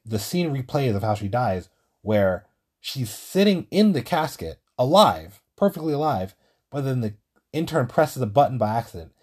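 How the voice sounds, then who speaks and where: A man hosting his own show, telling a story in a rambling, profane, casual monologue and getting louder when he is worked up. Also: husky. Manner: gets loud and high-pitched when excited. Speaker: podcast host.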